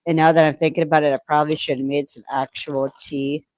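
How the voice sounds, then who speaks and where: A woman co-hosting a podcast, recapping an episode in rambling casual chat and acting out quoted lines, clearing her throat now and then. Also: sits low, little pitch movement, quick pace, a little mellow, dry recording. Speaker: podcast co-host.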